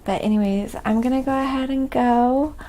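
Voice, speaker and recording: A woman from Oklahoma with a slight Southern accent, chatting softly on a live painting stream and reading viewer comments aloud. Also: high-pitched, steady tone, normal speed. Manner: reads viewer comments aloud, thanks donors. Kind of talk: soft-spoken ASMR live stream chat.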